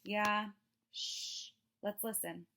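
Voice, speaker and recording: A woman reading a storybook aloud, voicing a jumpy young schoolboy who talks loudly and urgently. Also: on the high side, very animated, a little slow, voice pushed up. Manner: loud, urgent.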